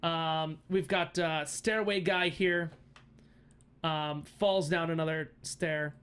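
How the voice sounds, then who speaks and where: Narrating a livestreamed tabletop session, this male game master has a slightly higher-than-typical voice that's clean and fairly bright. His intonation stays fairly even and his pace is slow, while frequent giggles, ums, and half-finished phrases pepper his descriptions.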